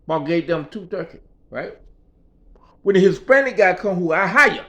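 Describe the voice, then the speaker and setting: A man's voice: high voice, lively intonation, normal speed, pushed and bright. A man telling a story in a casual rant, emphatic and profane, in street vernacular. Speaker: vlogger.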